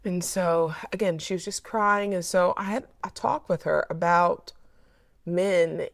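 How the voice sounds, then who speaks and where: A woman's voice: lowish voice, gravelly, no room sound, clean studio sound. A woman therapist sharing a personal parenting story in a candid, reflective way, often repeating words as she thinks. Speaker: mental health therapist.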